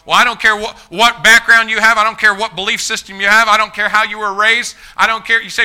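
A pastor in his fifties preaching a sermon in a church, fiery and emphatic, repeating phrases and building to shouts. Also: high voice, fairly even intonation, fast talker, few pauses, clear, resonant tone, rough recording. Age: 50s. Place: church sanctuary.

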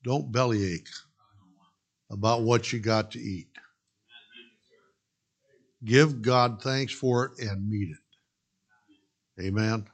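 A man's voice: fairly low pitch, extremely slow, long pauses. A man preaching a sermon, earnestly exhorting the congregation and telling a parable. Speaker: pastor.

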